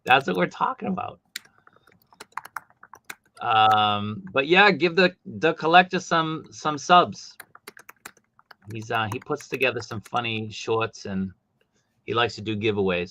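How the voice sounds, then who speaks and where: A man hosting a casual live stream, chatting loosely and reading viewer comments aloud, with sudden animated jumps in pitch. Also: unhurried, pauses often, slight background noise. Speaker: host.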